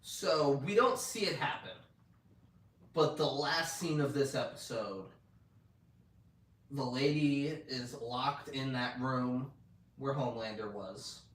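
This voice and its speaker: A man's voice: mid-range voice, slow, pauses often. A man chatting casually on a podcast, retelling scenes with energy and swearing freely. His voice sits in a mid range and sounds a little far from the mic. The room is echoey, with a faint hiss of noise behind him. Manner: animated retelling, acts out quoted lines, swears often. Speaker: podcast co-host. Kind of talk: casual recap chat. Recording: roomy echo, mic at a distance, faint noise.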